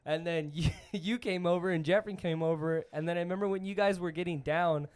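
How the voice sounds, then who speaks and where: A man's voice: sits high, brisk, clean tone. A young man hosting a podcast, rambling through a story with lots of fillers and swearing. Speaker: podcast host. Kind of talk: casual chat.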